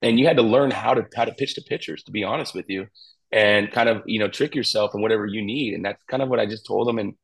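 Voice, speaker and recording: Fast-talking husky-voiced baseball coach. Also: male voice, fairly low pitch, rough recording. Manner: rambling, many fillers and restarts. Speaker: college pitching coach, guest. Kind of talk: casual interview talk.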